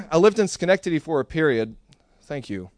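Animated high-voiced preacher. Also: male voice, normal speed, dry recording, clean studio sound. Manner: storytelling, animated, acts out dialogue. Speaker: pastor. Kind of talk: sermon.

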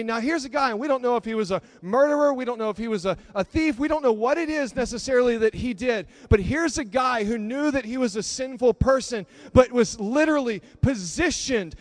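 A male preacher giving a passionate sermon, building to loud emphatic peaks and dropping to quiet, intense stretches. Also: extremely high pitch, a little fast, no room sound.

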